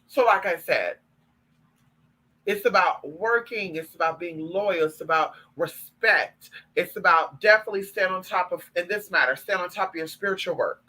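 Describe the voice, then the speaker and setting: A high-voiced man talks on a live stream in a sassy, emphatic and profane way. His tone is bright and sharp, and he chats with his viewers in a spiritual practitioner's role. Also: lively intonation, normal speed, husky, low-quality recording.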